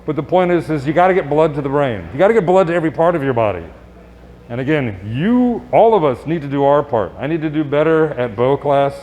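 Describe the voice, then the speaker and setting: A male doctor giving a live presentation to an audience, speaking conversationally with quick asides and rhetorical questions. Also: on the high side, lively intonation, a little mellow. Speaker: physician giving a health talk. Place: public event space.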